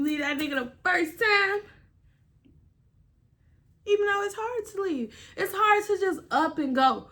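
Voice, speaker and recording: A woman vlogger telling a personal story and giving blunt relationship advice, with emphatic, animated delivery and plenty of swearing. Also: extremely high pitch, a little slow, long pauses. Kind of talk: casual storytelling vlog.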